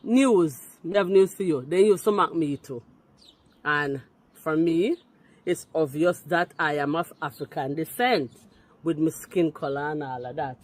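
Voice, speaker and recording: A Jamaican-accented woman caller, forcefully rebutting in a heated call-in, slipping into patois. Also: low-pitched, unhurried. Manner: forceful, indignant, patois-laced.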